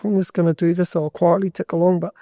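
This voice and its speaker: His high-pitched voice barely moves in pitch but carries a warm tone at a quick pace, and the clean studio sound has no echo. The guest, a butcher and charity walker, rambles through casual podcast stories, swearing a lot and restarting his sentences.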